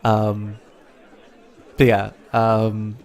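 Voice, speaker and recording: A man streaming live, chatting casually to his viewers, rambling and correcting himself, and talking faster when he gets excited. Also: lowish voice, some chatter behind.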